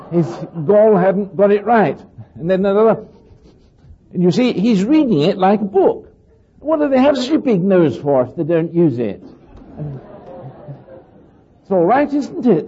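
Chatty and full of anecdotes, an older man addresses an audience, frequently asking them questions and performing small character voices. He sounds fairly high and husky through a muffled recording.

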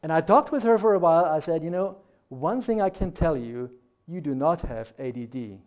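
A middle-aged man with a German accent, whose first language is German, preaching a sermon. He talks earnestly and builds to animated rhetorical questions. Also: fairly high pitch, normal speed.

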